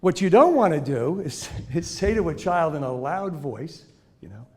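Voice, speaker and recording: A man's voice: on the high side, big pitch swings, moderate pace. A man giving a humorous lecture to teachers on children's behavior, joking, laughing often and acting out examples.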